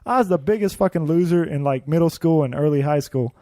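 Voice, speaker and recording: A man from India, a podcast co-host, telling stories in a casual, profane and animated way. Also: on the high side, fairly quick, no echo, studio quality. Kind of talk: casual chat.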